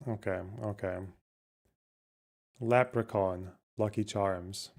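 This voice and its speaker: A man's voice: on the low side, fairly even intonation, slow pace, darkish tone. A man hosting a livestream, chatting casually and reacting with swearing and restarts. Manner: swearing, incredulous, thinks aloud with restarts. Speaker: livestream host. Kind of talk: casual chat reacting to chat and clips.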